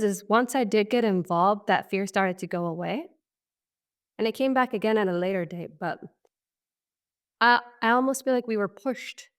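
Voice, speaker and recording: A woman in her thirties from Syria, a guest on an interview podcast, thoughtfully recounting her past in a casual, reflective way full of fillers. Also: mid-range voice. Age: 30s. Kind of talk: personal testimony in conversation.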